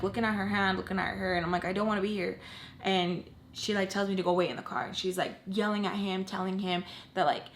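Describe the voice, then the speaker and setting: A young woman telling a personal story in a casual, animated way, with lots of swearing and "like", acting out the people she quotes. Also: mid-range voice, slight background noise. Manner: animated, profane, many likes, acts out quoted people. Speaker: storytime vlogger.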